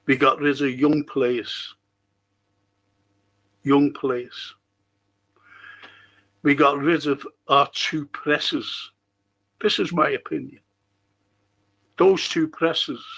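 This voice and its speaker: A man's voice: medium pitch, fairly bright tone. A man joining a football fan live chat, arguing his point and mocking the opinions of others. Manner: argumentative, mocks others' opinions.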